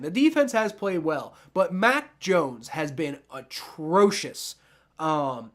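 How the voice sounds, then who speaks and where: A man hosting a live football reaction stream, rambling excitedly and talking straight to his chat. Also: fairly high pitch. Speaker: livestream sports reaction host. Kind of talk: live game reaction commentary.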